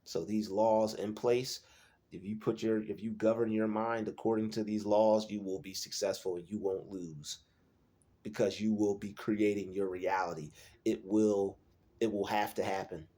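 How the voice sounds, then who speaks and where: A man's voice: fairly low pitch, flat delivery, moderate pace, mellow. A man hosting his own channel, talking alone in an earnest motivational monologue, repeating and restating his points for emphasis.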